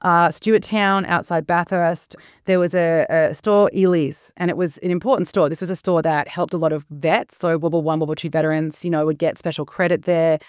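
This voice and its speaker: Animated woman historian. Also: on the low side, normal speed, few pauses, clear, resonant tone, no echo, clean studio sound. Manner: animated storyteller, acts out quotes. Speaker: guest historian. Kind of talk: casual conversational interview.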